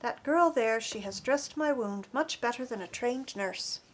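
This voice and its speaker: A woman's voice: a little high, animated, unhurried, slight background noise. A woman voicing a wounded male soldier who speaks in a plain, admiring way in an audiobook.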